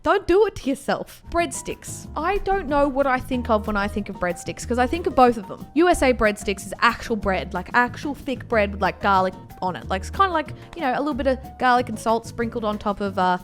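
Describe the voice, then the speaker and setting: A woman's voice: a little high, very animated, brisk, hardly any pauses, soft background music. An Australian woman giving a chatty, rambling reaction commentary as a vlogger, exaggerating freely.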